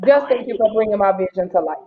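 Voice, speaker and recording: A woman's voice: lively intonation, fast talker, slight background noise. A woman hosting a casual live podcast, emotional and effusive, often repeating herself. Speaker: podcast host. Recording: muffled low-fidelity audio.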